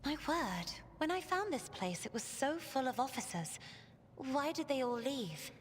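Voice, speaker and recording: A woman's voice: high voice, very animated, measured pace, slight background noise. An actress voicing a refined, polite young noblewoman in a video game, formal and courteous. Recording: game audio with music underneath.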